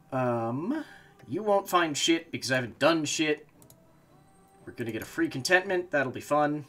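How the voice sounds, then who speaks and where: A man's voice: a little high, lively intonation, normal speed, sharp tone. A man streaming a game, talking to himself as he plays and breaking into frustrated, swearing outbursts. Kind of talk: casual gameplay commentary.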